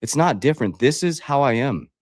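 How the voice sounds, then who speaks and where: In an expressive, medium-pitched voice that's a little mellow and a little fast, a man coaches viewers on a livestream, calling them "guys." His motivational talk is confrontational, blunt, and full of swearing. No echo, clean studio sound.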